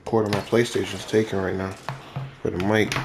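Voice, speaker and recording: Excitable young man gaming with friends. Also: fairly low pitch, a little fast, crowd noise. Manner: excitable, complaining banter. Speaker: gamer. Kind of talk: casual chat while gaming.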